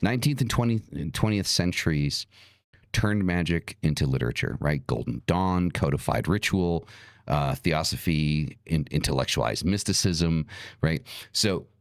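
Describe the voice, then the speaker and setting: Deep-voiced man in a profane rant. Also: normal speed, dry recording, studio quality. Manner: blunt and profane, heated and repetitive. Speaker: podcast host. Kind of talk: profane ranting talk.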